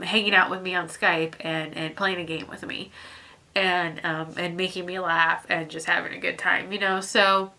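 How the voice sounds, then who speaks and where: A young woman with a bright, clear voice talks straight to her viewers in a personal vlog. She is teary and keeps trying not to cry, and her sentences stop, restart and trail off. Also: medium pitch. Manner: halting, heartfelt, many restarts and fillers. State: teary, fighting back tears. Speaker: vlogger.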